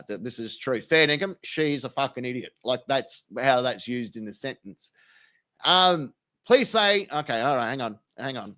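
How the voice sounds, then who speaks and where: A man's voice: mid-range voice, pushed and bright. An Australian man, the host, giving casual, sweary, slang-filled reaction commentary and explaining local words.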